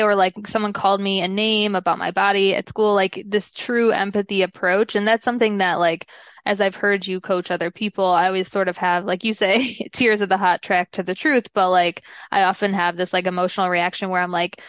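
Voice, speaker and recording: A woman's voice: mid-range voice, no room sound. Woman, co-host, casual chat, rambling, filler-heavy, slightly dull dry recording. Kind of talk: casual conversational talk.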